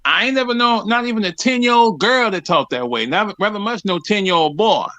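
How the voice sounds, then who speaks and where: Man in his forties, caller, high bright voice, dry sound, animated casual talk. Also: brisk, no room sound. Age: 40s. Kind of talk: casual chat.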